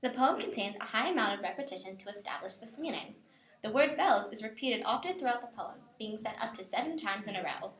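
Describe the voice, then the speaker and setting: A woman's voice: fairly high pitch, expressive, fairly quick, a bit bright. A woman presenting a student analysis, reading it aloud earnestly and stumbling a little over longer words. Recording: roomy echo.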